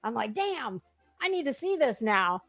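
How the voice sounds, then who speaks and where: A woman's voice: fairly high pitch, very animated, normal speed, fairly bright tone, no echo, faint music behind. A woman taking part in a casual livestream panel, chatty and agreeable.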